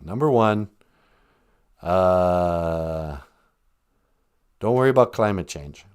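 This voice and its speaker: A man hosting a comedy podcast, joking darkly in a deadpan, drawling way. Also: low voice, slow pace, pauses often, clear, resonant tone. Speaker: podcast host.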